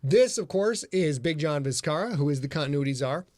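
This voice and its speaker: A man hosting a podcast in casual chat, telling stories in an animated, profane way and putting on loud voices. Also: fairly high pitch, a little fast, dry recording. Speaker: podcast host.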